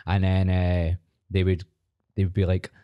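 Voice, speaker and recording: A man's voice: low-pitched, monotone, a little slow, no room sound, lo-fi sound. A man with a Glasgow accent hosting a podcast, blunt and sweary in casual chat. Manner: blunt, sweary, laughs at his own rants. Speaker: podcast host.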